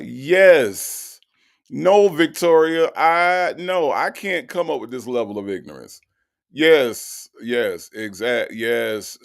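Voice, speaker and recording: A man's voice: fairly low pitch, vocal fry. A man hosting a live stream, reading out chat comments and teasing in a drawling, repetitive way. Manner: drawling, repeats himself, teasing. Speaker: host.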